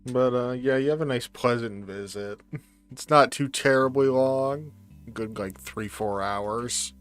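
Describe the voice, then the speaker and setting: A man guides his players through a quiet scene in a tabletop game, taking his time with each line. He talks slowly at an even, middle pitch. Light music plays softly behind him. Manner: relaxed, unhurried, with fillers. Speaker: game master. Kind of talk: running a tabletop role-play game.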